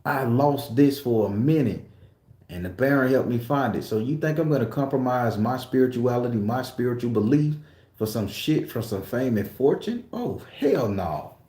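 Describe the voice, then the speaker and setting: A man pours out a heartfelt personal story, swearing freely and pressing hard on his points. His voice sits in a mid range with a mellow, darker tone. The room around him rings with a noticeable echo. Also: mid-range voice, animated, normal speed. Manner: profane, emphatic, emotional. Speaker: tattoo shop client. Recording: echoey room.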